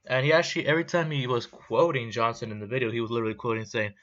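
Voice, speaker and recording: A man's voice: mid-range voice, fairly even intonation, racing, a bit bright. A young man ranting angrily in a vlog, swearing and rambling in a heated way. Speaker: vlogger. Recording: dull lo-fi sound.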